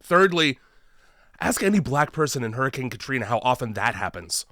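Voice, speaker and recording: Bright, sarcastic podcast co-host. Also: male voice, mid-range voice, very animated, fairly quick, dry recording, studio quality. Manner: sarcastic, blunt, swears freely. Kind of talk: casual chat.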